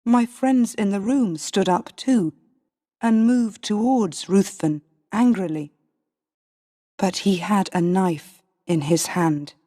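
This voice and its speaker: A woman narrating a storybook in a slow, careful reading for English learners. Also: medium pitch, warm tone. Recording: long reverb.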